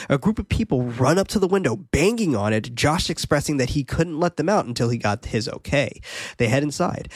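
A man's voice: a little high, slightly rough, no echo, clean studio sound. A man casually recapping a movie scene by scene on a podcast, laughing often and swearing freely. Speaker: podcast co-host recapping a film.

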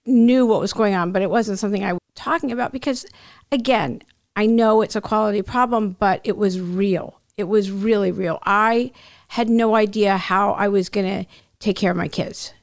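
A woman's voice: medium pitch, moderate pace, creaky, no room sound, clean studio sound. A middle-aged woman telling personal stories as an interview guest, in an emotional, tumbling way that keeps interrupting itself. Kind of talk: candid personal storytelling.

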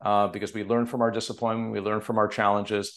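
In a lowish voice and at a quick clip, the Canadian author and TV producer gives animated, emotional storytelling during a casual podcast interview held remotely.

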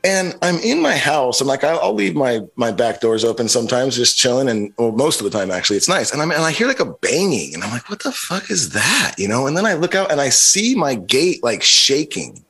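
A man's voice: mid-range voice, big pitch swings, a little fast, few pauses, a bit bright, slightly rough. A middle-aged man co-hosting a podcast, telling a long story in a rambling, profane way with lots of "like" and "you know". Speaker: podcast co-host. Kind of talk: casual chat.

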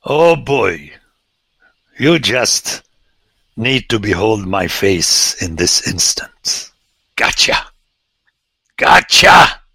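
A man, a priest, giving a lecture on scripture with animated, theatrical emphasis and sudden exclamations. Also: on the low side, drawn-out words, vocal fry, long pauses, breathy edge, dry recording.

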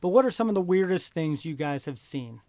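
Brief: male host, high voice, eager prompter, dry close sound. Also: animated, a little fast, warm tone, dry recording. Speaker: podcast host. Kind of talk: casual interview chat.

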